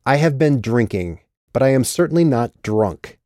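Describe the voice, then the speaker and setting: A man reading an audiobook and voicing a sharp, sardonic woman who has been drinking. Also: mid-range voice, expressive, moderate pace, dry recording, studio quality, pitched above the performer's own voice, close to an everyday voice. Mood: curt.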